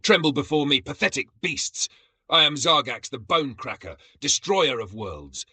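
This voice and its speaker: Bragging male alien warlord, booming and theatrical, husky edge, as a male narrator puts him on. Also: lively intonation, normal speed, pushed and bright, no room sound, heavily acted. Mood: boastful. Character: boastful alien warlord, male, loud and arrogant.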